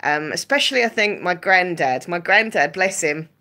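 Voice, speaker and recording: A woman's voice: on the low side, lively intonation, moderate pace, bright, forceful tone. A woman hosting a casual livestream, chatting and giggling as she rambles and greets viewers in the chat by name. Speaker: livestream host and ASMR creator.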